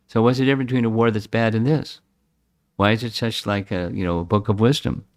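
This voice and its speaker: A man's voice: lowish voice, brisk, no echo, clean studio sound. A man in his seventies giving a devotional scripture talk in a reflective way, often repeating and restarting words. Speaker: scripture class speaker.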